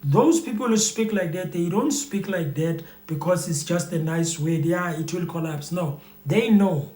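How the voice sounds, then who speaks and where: A man's voice: high-pitched, expressive, unhurried, mellow, echoey room. A man giving loose, rambling commentary to his viewers, full of fillers and repeated phrases. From South Africa. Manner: rambling, repetitive, heavy with fillers. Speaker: YouTube commentator. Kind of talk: casual spoken commentary to viewers.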